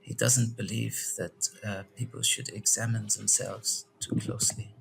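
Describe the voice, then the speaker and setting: A man's voice: fairly low pitch, fairly even intonation, moderate pace, gravelly, noisy background. A man co-hosting a comedy podcast, chatting casually with dry one-line quips and frequent laughter. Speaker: podcast co-host.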